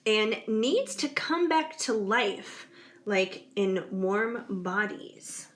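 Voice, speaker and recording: A woman's voice: mid-range voice, lively intonation, extremely slow. A woman reading tarot cards for viewers in a chatty, rambling way, with lots of fillers, yawning now and then. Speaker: tarot reader.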